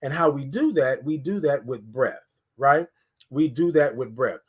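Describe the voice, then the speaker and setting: A man's voice: mid-range voice, unhurried, breathy edge. A man hosting a casual live morning stream, talking straight to his viewers with lots of repetition and leading them in breathing. He is recorded indoors on a camera held close to his face. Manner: energetic, talks straight to viewers, repeats phrases. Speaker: morning livestream host. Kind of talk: casual livestream talk with guided breathing. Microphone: phone or webcam close to face.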